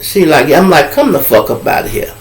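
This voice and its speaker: At home with a lamp nearby, a man hosting a live show tells viewers a story casually in a fairly high, brisk voice. He's animated, acting out every voice in the exchange, and his language is heavily profane.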